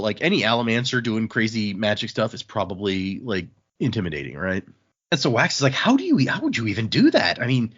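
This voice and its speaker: On a lo-fi recording, a medium-pitched male podcast co-host walks through a book in a relaxed show. He's lively about it, voicing each character's lines while he sums up the story.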